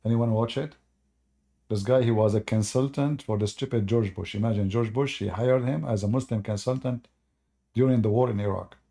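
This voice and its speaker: A man's voice: fairly low pitch, moderate pace, gravelly, warm tone. A man with an Arabic accent, a native Arabic speaker, hosting a live channel and telling rambling, self-mocking stories, chuckling often. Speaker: host of a live call-in channel. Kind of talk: casual storytelling to a live audience.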